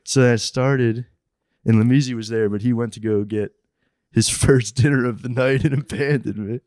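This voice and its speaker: A young man, a stand-up comedian guesting on a podcast, tells a story in a casual, animated, profane way and laughs between lines. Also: medium pitch, moderate pace, no echo. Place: podcast studio. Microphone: studio mic.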